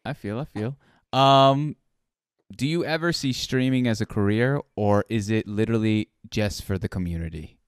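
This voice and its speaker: A man's voice: on the low side, normal speed, clean tone, no echo, studio quality. A man hosting a casual chat, joking and reading chat questions aloud to his guest. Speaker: podcast host interviewing a streamer.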